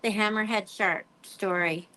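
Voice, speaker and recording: A woman's voice: medium pitch, steady tone, unhurried, sharp tone. A woman chatting casually to her pet birds and her viewers in a playful, rambling way. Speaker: pet bird vlogger.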